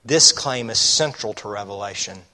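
Guy preaching a sermon, bright voice, lots of rhetorical questions. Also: on the low side, moderate pace. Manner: reads scripture aloud with emphasis. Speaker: pastor.

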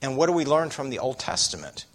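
A man's voice: medium pitch, big pitch swings, fast talker. A man preaching a sermon, often putting rhetorical questions to his listeners.

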